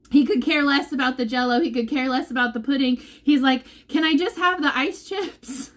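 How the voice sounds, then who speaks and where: A woman giving a casual update to her followers, emotional and laughing, now and then near tears. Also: on the high side. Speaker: vlogger updating viewers.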